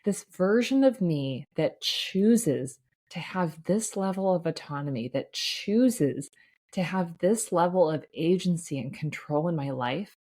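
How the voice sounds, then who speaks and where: A woman with a notably low voice hosts a solo podcast, coaching physicians. She speaks earnestly and reflectively, checking in with her listeners and letting small laughs slip in as she goes. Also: a little mellow. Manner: laughs lightly mid-sentence.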